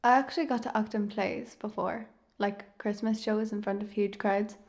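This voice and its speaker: A woman voicing an eager but unsure young female friend in an animated film. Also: medium pitch, moderate pace, natural voice. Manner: hesitant and eager.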